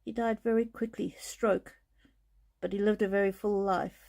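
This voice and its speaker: A woman giving a live-streamed oracle card reading, speaking gently and haltingly, moved to emotion and laughing often. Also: mid-range voice, little pitch movement. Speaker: tarot and oracle card reader. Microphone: streaming mic.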